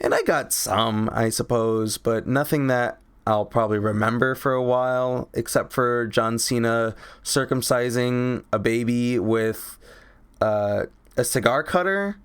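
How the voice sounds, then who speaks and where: A man's voice: medium pitch, fairly bright tone, smooth. A young man reviewing a movie in a casual, rambling, crude way full of fillers.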